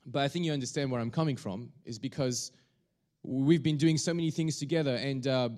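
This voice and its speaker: A male pastor preaching a sermon, talking in a halting way with many restarts and fillers. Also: mid-range voice, darkish tone.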